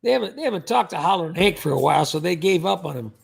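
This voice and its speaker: A man's voice: on the high side, lively intonation, fast, gravelly, husky. A man hosting a livestream, chatting casually in a rambling way with frequent restarts. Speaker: livestream host.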